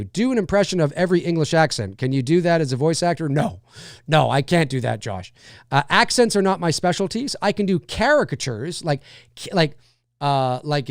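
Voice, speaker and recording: A man's voice: on the high side, dry recording, clean studio sound. A man hosting a casual livestream, rambling animatedly about a film and answering viewer comments. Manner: animated, rambling, frequent restarts and fillers. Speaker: livestream host. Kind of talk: casual live chat reading viewer comments.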